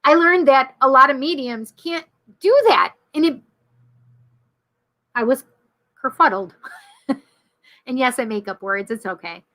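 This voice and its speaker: A woman in her thirties from the Rochester area, hosting a casual livestream as a psychic medium, chatty and quick to laugh, acting out the people she quotes. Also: high-pitched, lively intonation, bright, forceful tone. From Rochester area, New York. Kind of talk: casual livestream chat, reading viewer comments.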